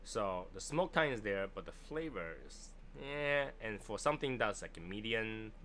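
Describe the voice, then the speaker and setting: A man's voice: fairly low pitch, expressive, normal speed, a bit bright, a little hiss or hum. A man with a Chinese accent hosting a casual cigar livestream, chatty and joking as he answers viewers. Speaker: livestream host reviewing cigars. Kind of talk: casual live chat.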